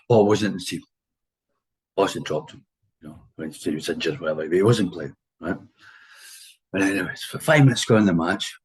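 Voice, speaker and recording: This low-voiced man, an English ex-footballer in his sixties, shares dressing-room tales during a relaxed interview. The recording is low quality, and his telling is full of laughter and impressions of what others said.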